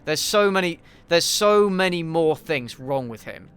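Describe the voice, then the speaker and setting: Sweary, blunt man with a bright voice. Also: on the high side, lively intonation, unhurried, smooth. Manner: blunt, sweary, hesitant with frequent ums and restarts. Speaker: YouTube channel host answering viewer questions. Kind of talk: casual livestream Q&A while gaming.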